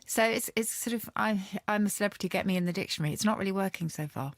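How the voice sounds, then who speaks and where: A woman's voice: medium pitch, fast, dry recording, clean studio sound. A woman co-hosting a podcast, explaining word histories in a thoughtful, chatty way. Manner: thoughtful, explanatory, with many fillers. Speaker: podcast co-host, lexicographer. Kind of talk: casual chat.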